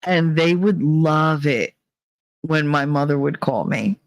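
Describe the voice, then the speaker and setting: Salty New Jersey man, high-ish voice. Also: slow, dry recording, poor audio. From New Jersey, USA. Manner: rambling, laughing, salty and profane. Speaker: live stream host. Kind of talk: casual chat stream.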